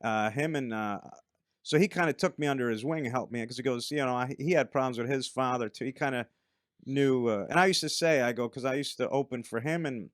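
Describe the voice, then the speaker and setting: A man who is a comedian guest on a podcast, telling stand-up stories in a relaxed way and laughing along. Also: mid-range voice, brisk, no echo, clean studio sound. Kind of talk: casual storytelling chat.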